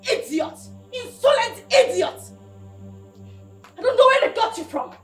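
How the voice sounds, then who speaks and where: An actress playing an arrogant young princess who hurls scornful insults, with a Nigerian accent. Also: female voice, very high voice, animated, measured pace, reverberant, faint music behind.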